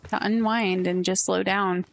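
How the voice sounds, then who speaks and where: A woman streamer chatting casually and in a relaxed way while playing a game. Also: mid-range voice, unhurried, creaky, a little hiss or hum. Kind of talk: casual let's play commentary.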